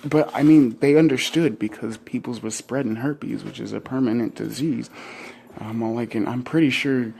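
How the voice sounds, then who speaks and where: A man's voice: mid-range voice, moderate pace, vocal fry, darkish tone, slight background noise. Rambling, profane young man ranting. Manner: rambling, profane, laughs often, acts out quotes in other voices. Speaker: vlogger. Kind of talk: casual rant to camera.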